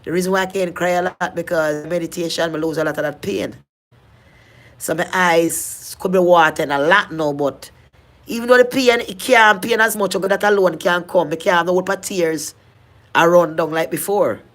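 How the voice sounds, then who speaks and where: A woman's voice: fairly low pitch, steady tone, normal speed, a bit bright. A middle-aged woman with a Jamaican accent, telling her own life story in earnest patois, often repeating and restarting her phrases. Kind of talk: personal storytelling.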